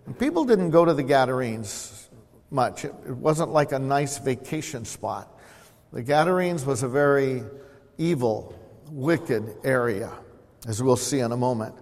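A man's voice: lively intonation, measured pace. A man preaching an expository sermon, earnestly explaining scripture and calling on the congregation to respond. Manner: swells louder reading scripture, drops low to explain. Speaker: pastor. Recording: long hall reverb.

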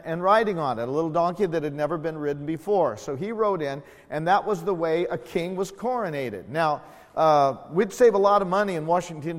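A man preaching a sermon as pastor, telling the story in a folksy way with small jokes and building to loud, emphatic calls. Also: fairly high pitch, in a large hall.

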